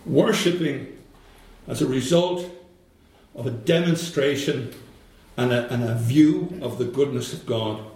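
A man preaching a sermon, slow and emphatic, repeating phrases for weight. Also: mid-range voice, darkish tone. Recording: very echoey room.

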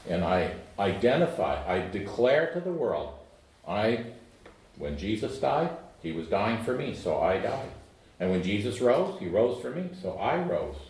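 A middle-aged man preaching a sermon, earnest, moving between emphatic lines and hushed, low ones. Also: distant mic. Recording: roomy echo, voice off-mic.

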